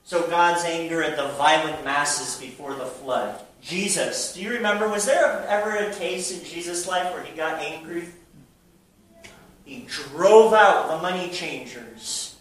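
A man's voice: fairly high pitch, a little slow, fairly bright tone. Man preaching in a very echoey church. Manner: emphatic preaching with rhetorical questions. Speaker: pastor. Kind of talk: sermon. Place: church sanctuary. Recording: very echoey room from far off with faint noise.

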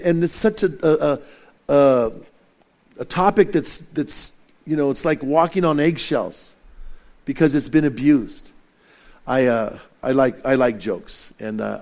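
Folksy middle-aged pastor, a bit high. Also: male voice, darkish tone. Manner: folksy, joking, many restarts. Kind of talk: conversational sermon.

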